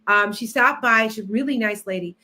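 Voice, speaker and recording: A tarot reader hosting a casual stream talks briskly in a slightly high, sharp voice. Distracted and rambling, she restarts often as she prepares and chats with viewers.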